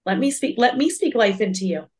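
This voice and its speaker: A woman's voice: fairly high pitch, animated, a little fast. A woman co-hosting a faith-based podcast, talking earnestly and reflectively with many fillers. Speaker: podcast co-host.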